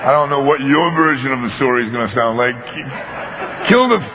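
A man's voice: medium pitch, quick pace, background noise. A man preaching a sermon, telling a story with emphatic animation and acting out the voices of its characters. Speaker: pastor. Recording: long hall reverb, dull lo-fi sound.

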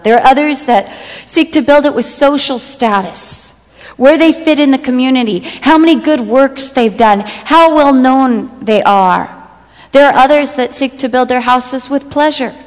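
A middle-aged woman giving a sermon, telling personal stories and acting out what friends said with humor. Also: sits high. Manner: storytelling, acts out quoted friends with humor. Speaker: speaker giving a talk to women. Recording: long hall reverb.

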